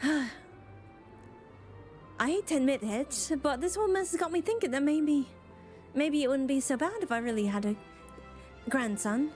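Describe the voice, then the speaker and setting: A woman gaming streamer giving casual, animated commentary while she plays, reacting freely and swearing now and then. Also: sits high, moderate pace, pauses often. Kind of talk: casual let's-play commentary. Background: faint game music.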